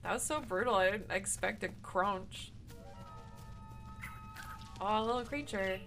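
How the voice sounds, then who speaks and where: A woman's voice: medium pitch, measured pace, a bit bright, faint music behind. A woman streamer giving casual commentary as she plays a game, swearing freely and bursting into laughs and shrieks of surprise.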